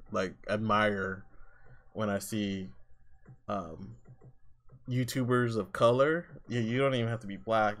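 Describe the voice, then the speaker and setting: A man hosting a reaction video who talks in a rambling, hesitant way, with lots of fillers and restarts, and laughs easily. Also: fairly low pitch. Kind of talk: casual reaction commentary.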